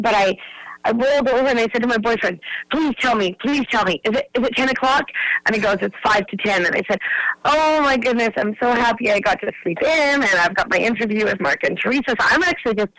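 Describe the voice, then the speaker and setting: A woman guest in a casual interview, telling an excitable, rambling story. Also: on the high side, no echo, low-quality recording.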